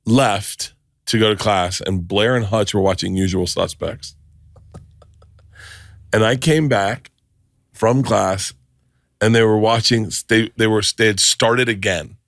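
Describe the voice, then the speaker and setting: Brief: middle-aged male podcast host, lowish voice, bursts into excited profane anecdotes, dry close mic. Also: no echo. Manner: animated storyteller, swears freely, restarts sentences. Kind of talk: casual chat.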